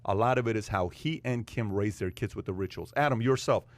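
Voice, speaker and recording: A man hosting a casual chat show, telling stories quickly and with animation. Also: lowish voice, dry recording. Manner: fast, animated storytelling. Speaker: podcast host.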